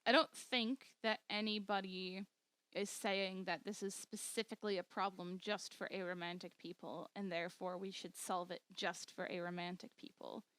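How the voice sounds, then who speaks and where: A woman's voice: mid-range voice, little pitch movement, normal speed, a bit bright, clear, resonant tone, dry recording. A woman giving an informal commentary monologue, peppered with "like", acting out the quotes she cites. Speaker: video commentator.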